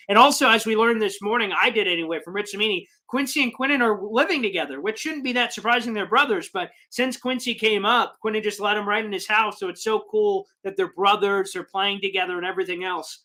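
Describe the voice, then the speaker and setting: A man hosting a live fan stream, reading viewer comments and talking in a passionate, rambling way while emotional and excited. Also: a little fast, few pauses. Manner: high-energy, passionate, rambling. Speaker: sports fan show host.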